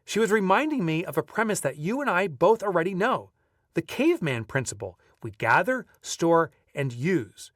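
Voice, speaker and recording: Higher-voiced man reading his own book. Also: normal speed, dry recording, clean studio sound, recorded from a distance. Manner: lively storyteller who breaks off to chat offhand. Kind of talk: audiobook narration with casual asides. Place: video recording setup.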